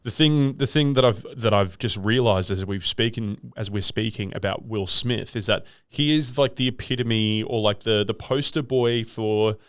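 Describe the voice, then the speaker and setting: A man's voice: on the low side, normal speed, few pauses, a bit bright, clear, resonant tone, no room sound, studio quality. A man co-hosting a podcast in casual, rambling chat, riffing and throwing in impressions. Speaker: podcast co-host.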